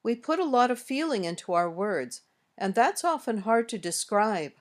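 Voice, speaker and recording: American woman, english teacher, scripted lesson narration, slow careful delivery. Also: a little high, big pitch swings. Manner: slow, careful, clearly modeled example sentences.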